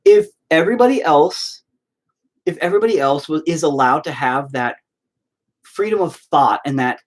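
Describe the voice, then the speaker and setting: Man in his 40s, husky voice, lively swooping pitch, cussing, heated casual rant. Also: moderate pace. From Oklahoma. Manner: profane, heated, animated storytelling.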